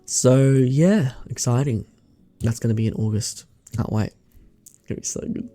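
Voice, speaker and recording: A man's voice: medium pitch, lively intonation, normal speed, warm tone. A young man with an Australian accent chatting casually to camera in a vlog, rambling, slangy and sweary. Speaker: vlogger.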